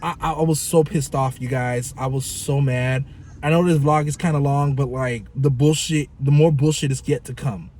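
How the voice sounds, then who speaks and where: A man's voice: medium pitch, steady tone, normal speed, darkish tone, slight background noise. Exasperated, swearing man venting. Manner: profane, exasperated ranting. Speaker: vlogger. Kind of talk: casual storytelling vlog.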